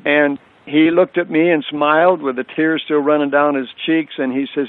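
A man's voice: fairly high pitch, flat delivery, normal speed, hardly any pauses, no room sound. An older man giving an earnest personal faith testimony as a radio guest, telling his story with repeated phrases. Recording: tinny phone line on radio.

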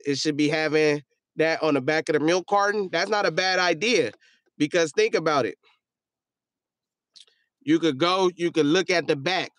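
A man chats loosely on his livestream, joking and cursing as he reacts to viewer comments. His voice sits a little high for a man, and the close mic keeps it dry with no room sound. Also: normal speed, a bit bright, dry recording. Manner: loose, joking, profane, trails off into mumbling. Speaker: livestream host. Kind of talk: casual livestream chat reading viewer comments.

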